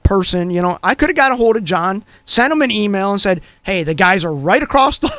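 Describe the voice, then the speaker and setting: A man's voice: high voice, animated, fairly quick, fairly bright tone. A man co-hosting a radio talk show, telling stories in a loose, rambling way with plenty of fillers. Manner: rambling storyteller, many fillers. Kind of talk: casual chat.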